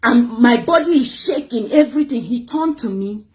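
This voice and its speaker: High-voiced woman telling her story. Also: expressive, normal speed, darkish tone. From Nigeria. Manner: dramatic, acts out the voices of others. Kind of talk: emotional personal testimony.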